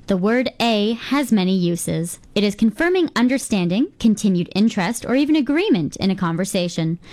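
A woman presents a scripted radio segment with a playful storytelling touch. Her pitch rises and falls in an animated sweep, landing at a moderate, middle height.

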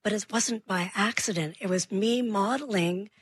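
A woman, a child behavior expert, telling a radio host an animated story about her son and acting out both their lines. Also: medium pitch, normal speed. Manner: animated, acts out her own and her son's lines.

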